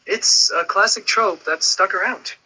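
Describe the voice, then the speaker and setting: This male AI assistant voice answers in polished, agreeable phrasing. His timbre is very bright and edged with a slight huskiness. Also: sits high, measured pace, husky, low-quality recording. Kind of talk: conversational assistant replies.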